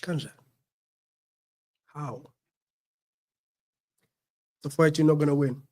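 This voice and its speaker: A man's voice: fairly high pitch, slow pace, warm tone. A South African man hosting a radio show, who has the flu and coughs, speaking in an earnest, preachy way and repeating his points. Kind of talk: reflective talk-show monologue.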